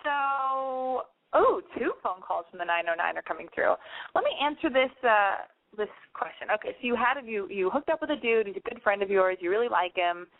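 A woman's voice: fairly high pitch, animated, brisk. A woman hosting a casual call-in advice radio show, chatty and frank, swearing freely. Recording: dry, phone-like narrow band.

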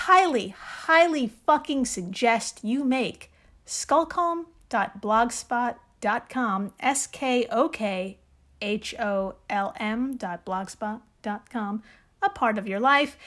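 A woman hosting a podcast in casual chat, enthusiastic, swearing freely and laughing often. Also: on the high side. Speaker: podcast host.

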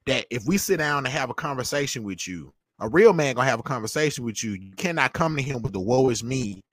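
A man's voice: medium pitch, fairly bright tone, dry recording. A man, a podcast guest talking in an emphatic, preachy way and often repeating himself. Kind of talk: opinionated casual talk.

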